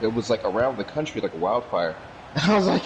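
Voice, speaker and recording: Animated man over loud game crowd. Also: mid-range voice, brisk, low-quality recording. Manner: animated, jumps in, acts out quotes, heavy swearing. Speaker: podcast co-host. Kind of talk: casual chat. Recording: game commentary and crowd noise behind.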